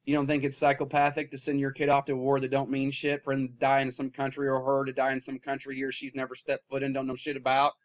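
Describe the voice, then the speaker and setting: A man recording an impassioned vlog rant, swinging between loud, heated outbursts and low, weary muttering. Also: monotone, quick pace, hardly any pauses. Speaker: vlogger.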